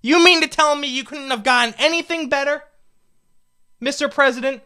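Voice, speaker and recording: Bright-voiced young man ranting. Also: very high-pitched, moderate pace. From United States. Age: 20s. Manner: fired-up, indignant, rhetorical questions. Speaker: political commentator. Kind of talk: opinion rant to camera.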